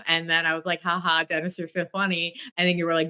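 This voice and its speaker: A woman hosting a podcast in casual chat, telling a story with lively acted-out quotes and plenty of swearing. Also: lowish voice, fast, clear, resonant tone. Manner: animated storyteller, acts out quotes, swears freely. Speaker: podcast host.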